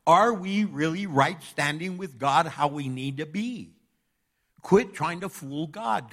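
A man preaching a sermon, animated, jumping between loud outbursts and quiet asides as he acts out the people in his stories. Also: a little high. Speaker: pastor.

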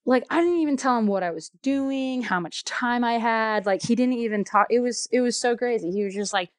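A woman's voice: on the high side, brisk, few pauses, no room sound, clean studio sound. Chatty woman telling a story. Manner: chatty, filler-heavy, laughs often. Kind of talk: casual storytelling.

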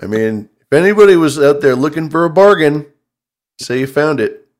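A man's voice: fairly high pitch, expressive, moderate pace, slight background noise. Profane joking man co-hosting. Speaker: co-host. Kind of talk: casual livestream chat.

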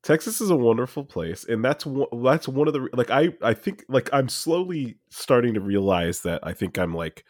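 A man's voice: medium pitch, animated, normal speed, few pauses, dry recording, studio quality. A man from New Jersey co-hosting a podcast, joking, swearing and laughing often in casual chat. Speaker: podcast co-host.

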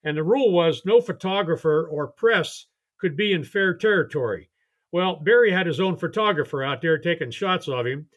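An older man, a retired baseball coach, telling animated stories and acting out the voices of the people in them on a podcast. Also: on the high side, normal speed. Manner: animated, laughing storyteller who acts out voices. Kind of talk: storytelling on a podcast.

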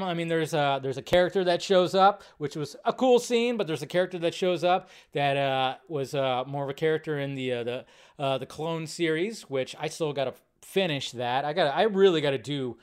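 Male podcast host, slightly high-pitched, casual, excitable, swears freely, lots of ums and restarts. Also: clean tone. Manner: excitable and profane, many fillers and restarts. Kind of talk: casual live-stream chat.

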